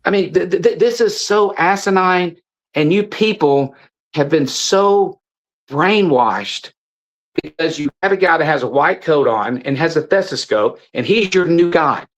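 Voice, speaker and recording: A man talks in a somewhat high voice. He is an interview guest, storytelling with preachy urgency. He often stumbles, repeating words as he presses his point. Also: lively intonation, a little slow, low-quality recording. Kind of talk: impassioned storytelling in conversation.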